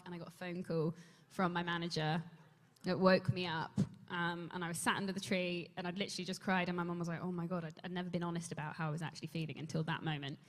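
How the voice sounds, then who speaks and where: A woman on a convention panel telling a long story, rambling and breaking off mid-sentence as she talks. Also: on the low side. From England. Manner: rambling, self-interrupting storyteller. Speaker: panel guest actor. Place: large convention hall. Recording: long hall reverb.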